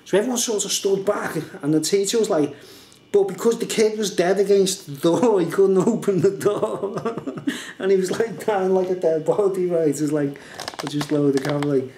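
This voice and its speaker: A vlogger rambles casually through a story, laughing often and leaning heavily on "like" and "you know." His voice sits high with a warm tone at a moderate pace, in a reverberant space with slight background noise.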